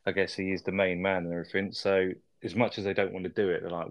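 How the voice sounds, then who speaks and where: Low-voiced man, chatty. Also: little pitch movement, quick pace, few pauses. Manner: sweary, chatty, seeks agreement with tag questions. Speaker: podcast co-host reviewing a film. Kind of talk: casual chat.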